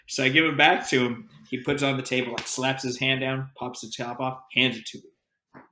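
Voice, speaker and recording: A man co-hosting a podcast, telling an animated, profanity-laced story in casual chat. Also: medium pitch, normal speed. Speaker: podcast co-host. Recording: roomy echo.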